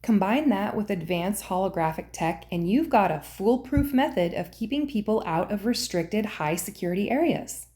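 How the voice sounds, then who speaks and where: A woman narrates in an earnest, conspiratorial scripted tone. Her voice is mellow and warm, sitting at an ordinary pitch. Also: lively intonation, normal speed, few pauses. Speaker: host and narrator.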